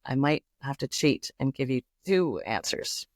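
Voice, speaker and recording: A middle-aged Canadian woman with a Canadian accent, a podcast guest telling family stories in a thoughtful, unhurried way with many fillers. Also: extremely low pitch, very animated, dry recording, clean studio sound. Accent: Canadian English. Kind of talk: reflective interview storytelling.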